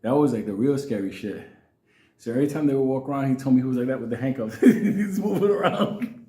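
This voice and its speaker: A man's voice: medium pitch, expressive, fast, warm tone, reverberant. A man telling a crude story casually, laughing often and acting out other people's lines. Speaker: storyteller host.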